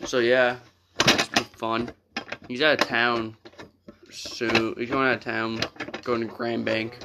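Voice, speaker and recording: A man's voice: mid-range voice, flat delivery, slow, heavy background noise. A young man in his late teens chatting casually with friends during a game, rambling with lots of fillers and swearing. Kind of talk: casual voice chat while gaming.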